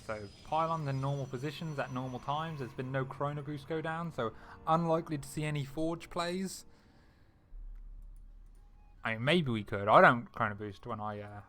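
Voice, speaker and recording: A young man giving solo live commentary on a strategy game match, excitable and quick to react, with frequent laughs. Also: medium pitch, a little hiss or hum. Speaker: esports caster.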